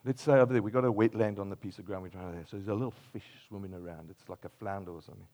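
An older man from Australia preaching a sermon, telling playful made-up examples with lively energy and then dropping to a quiet, earnest close. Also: fairly low pitch, very fast, highs cut off. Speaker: pastor.

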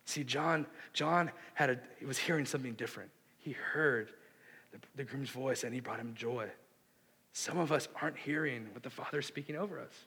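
A man's voice: medium pitch, moderate pace, slightly rough. Earnest male preacher in a reverberant hall. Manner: earnest preaching that swells from hushed to impassioned. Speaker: pastor. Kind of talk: sermon. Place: church sanctuary. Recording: long reverb of a large hall.

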